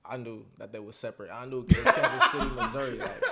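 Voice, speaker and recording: A man's voice: mid-range voice, very animated, fast talker, a crowd in the background. A young man from Columbus, Ohio, a musician guest chatting in a laid-back, joking way. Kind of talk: casual chat.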